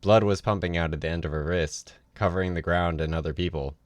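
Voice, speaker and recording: A man's voice: deep voice, fairly even intonation, brisk, no room sound. A man reading a novel aloud on a livestream, in a casual way with offhand asides. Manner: casual read with ad-libbed asides. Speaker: reader.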